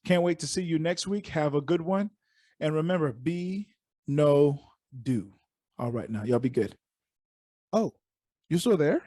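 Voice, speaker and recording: A man's voice: a little high, expressive, moderate pace, pauses often, darkish tone. Upbeat man hosting a mentoring podcast. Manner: upbeat, effusive, repeats words for emphasis. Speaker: host. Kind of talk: casual podcast chat.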